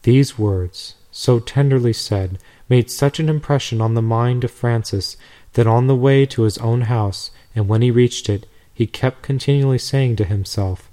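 Male narrator, mellow tone, measured storybook reading. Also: mid-range voice. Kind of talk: reading a devotional story aloud.

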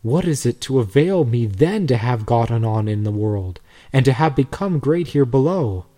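A man's voice: medium pitch, lively intonation, normal speed, warm tone, natural voice. A man voicing an eager, earnest young male law student while reading a storybook aloud. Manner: earnest, rising enthusiasm.

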